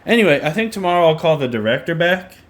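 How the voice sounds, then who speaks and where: A man's voice: fairly high pitch, big pitch swings, fast. A man in a casual vlog rant, sarcastic, repeating a mocking "hello" to make his points. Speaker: vlogger.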